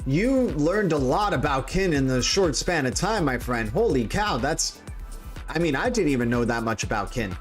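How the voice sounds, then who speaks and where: A man's voice: a little high, very animated, normal speed, faint music behind. A man hosting a casual crypto livestream, joking and rambling with many restarts. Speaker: host.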